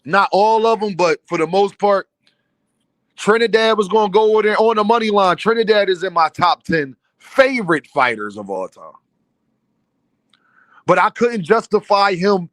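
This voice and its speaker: A man's voice: sits high, animated, moderate pace, fairly bright tone, no echo. A man hosting a livestream in casual commentary, emphatic and repeating his points straight to the chat. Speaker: livestream host. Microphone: streaming mic.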